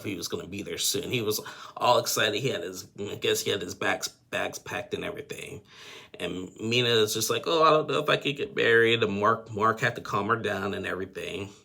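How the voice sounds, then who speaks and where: A gravelly, low-pitched man talks through a reality show episode in a loose, rambling recap. He piles on fillers and restarts, and his voice has a bright, husky edge. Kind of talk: casual episode recap commentary.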